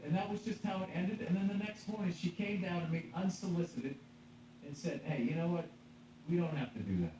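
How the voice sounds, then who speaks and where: Here a male comedian tells a story in a somewhat high voice, swearing as he goes. He sits well back from the mic in a very echoey room. The sound is muffled, with a faint hum behind him. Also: dark tone, distant mic. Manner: profane, laughing, acts out quoted voices. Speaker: stand-up comedian. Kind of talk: casual podcast storytelling.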